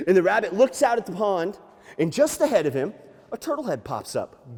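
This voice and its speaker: Animated man telling a kids' story. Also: fairly high pitch, brisk, vocal fry. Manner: animated, playful, sound effects. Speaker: nature museum storyteller. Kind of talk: storytelling to children. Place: library room. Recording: echoey hall.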